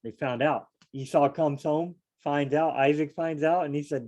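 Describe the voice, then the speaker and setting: A man leading a casual Bible study, reading verses aloud and explaining them in a chatty, animated way. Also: on the high side, normal speed.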